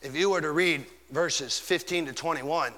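A male pastor preaching a dramatic sermon, swinging from shouts down to hushed whispers. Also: on the high side, moderate pace, in a large hall.

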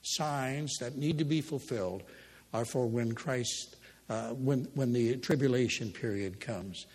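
A man's voice: mid-range voice, measured pace, darkish tone, slightly rough. An older man preaching a sermon, reading scripture and telling folksy, humorous stories from his life. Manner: folksy storytelling, humorous asides. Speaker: pastor. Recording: long hall reverb.

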